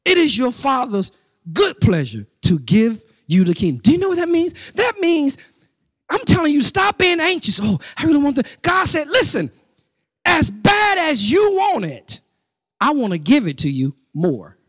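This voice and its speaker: Man, middle-aged, pastor, sermon, very high pitch, dry close sound, animated, repeats phrases. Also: normal speed, dry recording. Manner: animated preaching with rising outbursts and repeated phrases; conversational asides to the congregation.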